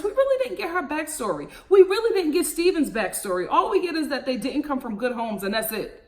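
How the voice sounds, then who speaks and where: A young woman, giving frank, animated commentary on a reality show and talking straight to her viewers. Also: sits high, fairly quick. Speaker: reality TV reviewer. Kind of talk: casual commentary.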